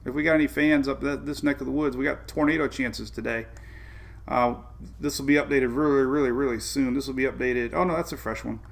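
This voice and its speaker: A man's voice: medium pitch, steady tone, brisk, vocal fry. A man with a Southern US accent hosting a casual weather live stream, rambling and greeting viewers by name. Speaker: weather show host.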